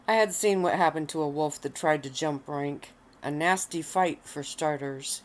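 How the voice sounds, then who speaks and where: Low-voiced woman reading her story softly. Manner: soft, unhurried and relaxed. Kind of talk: relaxed read-aloud storytelling. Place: at home, lying on a bed of pillows.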